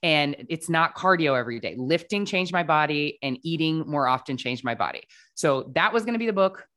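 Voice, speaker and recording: A woman with a low, fairly bright voice speaks briskly with lively intonation. She's a podcast guest chatting casually about her own story, sprinkling in lots of "like" and acting out quoted dialogue.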